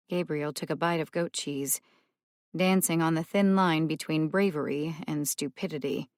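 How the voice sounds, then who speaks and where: Woman with a lowish, even narrating voice. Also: moderate pace, no echo, studio quality. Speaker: audiobook narrator. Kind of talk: scripted narration.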